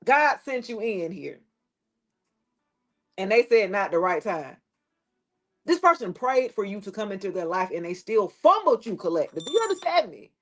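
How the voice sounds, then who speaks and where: A woman giving a casual tarot reading to the camera, blunt and preachy, swearing freely and dropping her voice low at times. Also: sing-song, normal speed, pauses often, fairly bright tone. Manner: preachy, blunt and profane, with loose slangy phrasing; drops into a lower tone at times. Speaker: tarot reader.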